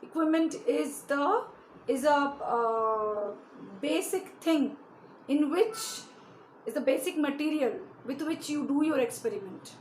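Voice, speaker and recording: Woman teacher, high voice, echoey room with faint hiss, keeps quizzing the kids. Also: lively intonation, a little slow. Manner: asks pupils many questions, often adds "you know". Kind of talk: classroom lesson for children.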